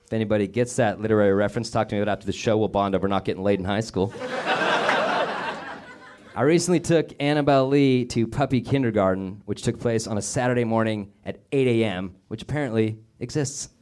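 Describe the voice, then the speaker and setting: A man performing a stand-up comedy set on a club stage, telling stories in a deadpan way and slipping into mock voices. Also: fairly low pitch, fast talker, few pauses. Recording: noisy live club recording.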